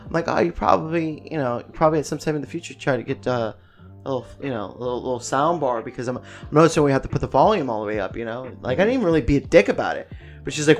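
A man's voice: mid-range voice, racing. Young guy on a podcast, swears a ton, acts out his mom and brother, light music under it. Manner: animated, swears a lot, acts out family quotes. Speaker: podcast co-host. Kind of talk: casual chat, storytelling.

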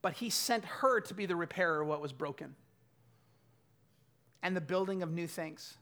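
A man in his thirties preaching a sermon, telling stories and swinging from loud bursts to quiet asides. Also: fairly high pitch, moderate pace. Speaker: pastor.

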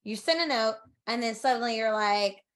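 Woman cohost gushing about a book, kinda high voice, lots of mm-hmms. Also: normal speed. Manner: emphatic reactions, frequent agreeing murmurs. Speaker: book podcast co-host. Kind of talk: casual book chat and reading aloud.

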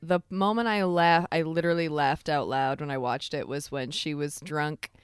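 A podcast co-host chatting about a favorite movie character, giggly and animated. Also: medium pitch, moderate pace, clear, resonant tone, no echo, studio quality. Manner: giggly, animated, acts out quotes. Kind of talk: casual movie review chat.

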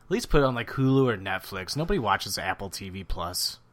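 A man's voice: fairly low pitch, very animated, brisk, a bit bright, no room sound. A man co-hosting a podcast, chatting casually about music picks in a rambling, teasing way full of fillers. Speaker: podcast co-host.

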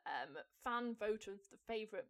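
A woman's voice: medium pitch, lively intonation, normal speed, a bit bright. A woman guest on a casual fan podcast, talking with enthusiasm and laughing often.

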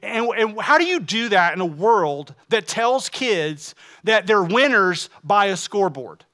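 Bright high-voiced preaching man. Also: sing-song, measured pace. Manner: preaching with rhetorical questions, swinging from loud emphatic to hushed. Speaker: pastor. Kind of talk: sermon.

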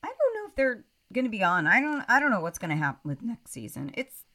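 A woman rants in a casual podcast chat, her bright voice swooping up and down as she mocks people in exaggerated voices. She swears freely and talks over a video call. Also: on the high side, fast. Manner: animated, profane, mocking mimicry of cast members. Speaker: podcast co-host. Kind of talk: casual chat about reality TV.

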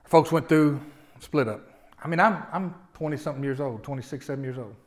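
A man in his forties preaching a sermon, moving from quiet personal storytelling to loud, impassioned exhortation. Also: on the high side, fairly quick. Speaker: pastor.

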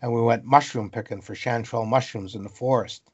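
A man from Canada, a guest on a podcast, telling stories about the wilderness in an animated way, piling up long lists of things. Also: mid-range voice, quick pace, slightly rough, muffled recording. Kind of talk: storytelling interview.

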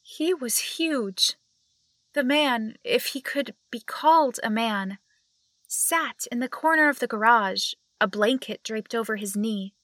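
A woman's voice: fairly high pitch, slow pace, fairly bright tone, no room sound. A young woman narrating and playing the lead in an audio drama, hesitant and nervous. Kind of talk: audio drama acting and first-person narration.

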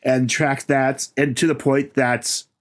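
A man's voice: medium pitch, level tone, takes it slowly. Chatty man explaining at length. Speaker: podcast co-host. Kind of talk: casual chat.

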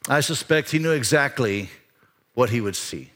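Preaching in the sanctuary at a normal speed, this male pastor keeps his intonation lively and his manner conversational. He rises in pitch and volume to stress ideas, then goes soft when the message turns serious.

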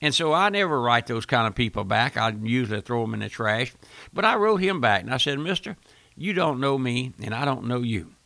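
An older radio preacher with a gravelly, forceful voice, recorded close and dry. He preaches a fiery sermon in a folksy, emphatic way, repeating his phrases and building to forceful bursts. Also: mid-range voice, big pitch swings, brisk, no echo.

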